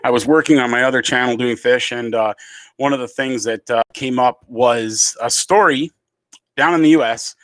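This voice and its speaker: A man's voice: mid-range voice, moderate pace, fairly bright tone, no room sound. A man from Canada hosting a casual home livestream podcast, rambling with many fillers and restarts and getting heated. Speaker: podcast host. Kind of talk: casual solo livestream talk. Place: home room.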